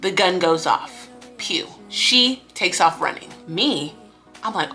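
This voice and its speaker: A woman's voice: fairly low pitch, a little slow, pushed and bright, soft background music. A woman in her late twenties, a content creator sharing life lessons in a chatty, emphatic way and acting out little scenes. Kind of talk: casual life-lesson vlog.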